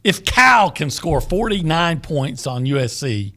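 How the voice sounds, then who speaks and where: Man, sports radio co-host, gravelly voice, lively swooping pitch, rambling casual picks. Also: measured pace. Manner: rambling, restarts mid-thought, animated.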